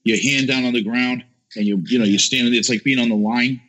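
Husky man telling stories animatedly. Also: mid-range voice, quick pace. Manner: animated storyteller, acts out quotes, swears. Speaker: guest, chef. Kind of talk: casual chat.

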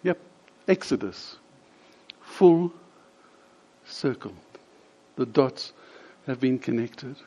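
A man preaching a sermon, retelling a scripture scene vividly with dramatic pauses. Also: mid-range voice, warm tone. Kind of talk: storytelling sermon. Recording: slightly dull lo-fi sound.

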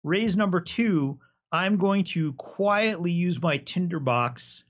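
A man's voice: sits high, slow pace. Enthusiastic man chatting, dull lo-fi sound. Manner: enthusiastic storyteller, explains at length. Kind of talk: casual chat about tabletop games.

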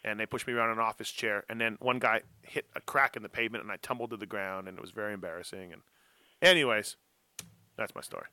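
A middle-aged man hosting a casual motocross chat, telling animated self-mocking stories. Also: on the low side, fast talker, dry recording. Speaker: podcast host.

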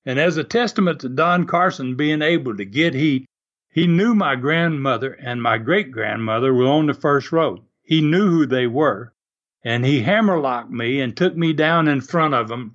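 An older man, a former wrestler telling animated stories in an interview and laughing often. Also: medium pitch, dull audio. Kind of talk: storytelling interview.

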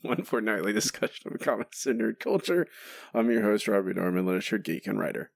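A man with a gravelly, creaky edge to his mid-pitched voice, co-hosting a relaxed comics podcast. He talks quickly, jokes and laughs easily. The sound is close and dry with little room in it. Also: dry recording. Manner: quick, joking, laughs often. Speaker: podcast co-host. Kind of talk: casual comics podcast banter.

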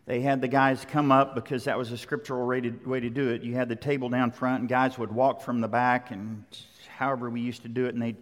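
A middle-aged man preaching a sermon, conversational yet emphatic, driving points home with repetition. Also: mid-range voice. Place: large church sanctuary. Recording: long hall reverb.

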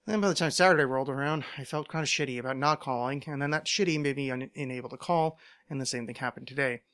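Speaking alone on his own podcast, this American host talks quickly in a medium-pitched, slightly bright, smooth voice. His casual monologue rambles, full of self-mockery and wry side comments, recorded on a home podcast microphone.

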